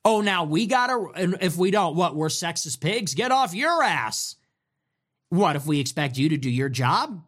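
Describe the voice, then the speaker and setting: A man's voice: high-pitched, big pitch swings, moderate pace, a bit bright. A man giving ranting political commentary, sarcastic, profane and mocking.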